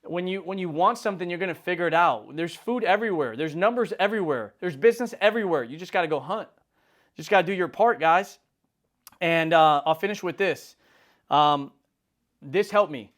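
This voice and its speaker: An insurance business leader in his forties hosts a video, giving a casual, slangy motivational talk and often acting out little quoted conversations. His high-pitched, slightly bright voice is expressive and brisk.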